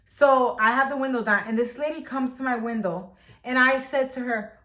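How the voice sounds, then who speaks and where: Woman vlogger doing storytime, chatty and animated, kinda high voice, echoey room. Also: normal speed. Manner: animated, lots of "like", acts out quotes. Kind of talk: casual storytelling.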